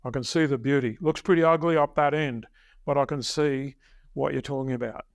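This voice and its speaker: A man in his sixties, a success coach, telling stories in a deliberate, emphatic, teacherly way during a podcast interview. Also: mid-range voice, fairly even intonation, gravelly, no room sound, clean studio sound. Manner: deliberate, emphatic teacherly delivery with slowed key phrases.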